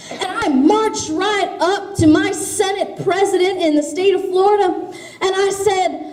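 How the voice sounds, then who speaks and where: A woman's voice: very high voice, moderate pace, a little mellow. A woman giving an impassioned grassroots speech, telling stories with emphatic force. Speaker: grassroots activist speaker. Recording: echoey hall.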